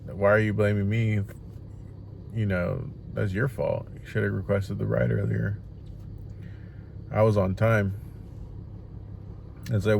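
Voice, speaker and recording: A young man telling stories in a casual vlog, animated and swearing freely, tired after his workday. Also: lowish voice, takes it slowly, creaky, long pauses, slight background noise. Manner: animated retelling, swears freely, acts out quotes. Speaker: rideshare driver and vlogger. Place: inside a parked car.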